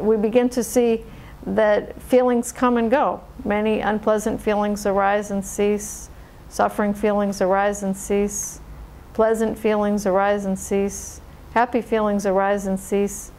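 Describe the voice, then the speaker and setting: Calm woman meditation teacher. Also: medium pitch, slight background noise, poor audio. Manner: calm, unhurried explaining. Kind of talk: dharma talk. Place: meditation center hall.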